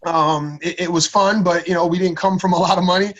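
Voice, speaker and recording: A man's voice: sits high, steady tone, brisk, highs cut off. A man in his thirties, a podcast guest, telling a personal story in a casual, slangy way, often repeating his words as he goes.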